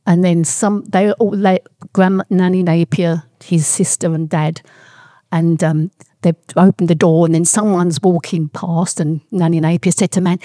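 Older woman, mellow reminiscing. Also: fairly low pitch, level tone, no echo, clean studio sound. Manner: rambling, halting storyteller. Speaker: interviewee. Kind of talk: oral history reminiscence.

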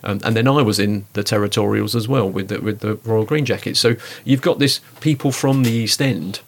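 A man's voice: on the low side, fairly quick, creaky, a little hiss or hum. A man from East London with a Cockney accent, chatting casually in an interview and acting out remembered exchanges. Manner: chatty, acts out quoted dialogue. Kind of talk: casual conversation.

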